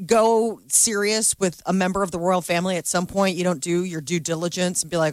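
A woman's voice: fairly low pitch, fast, dry recording. A woman co-hosting a radio morning show, chatting about celebrity news and acting out quotes. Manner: chatty, animated, acts out quotes. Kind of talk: casual entertainment chat.

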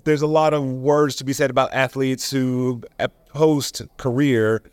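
A man's voice: mid-range voice, steady tone, a little slow, darkish tone, clean tone, no echo. Male podcast host, casual chatty delivery, mid-range voice, dry close recording. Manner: casual, uses "like" often, laughs easily. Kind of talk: conversational interview.

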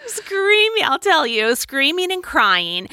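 A woman chatting casually on a podcast, telling a family story with animated delivery and frequent laughter. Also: slow pace, no room sound, clean studio sound. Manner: animated, acts out quotes with big pitch jumps; laughs often while telling. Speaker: podcast co-host, parent.

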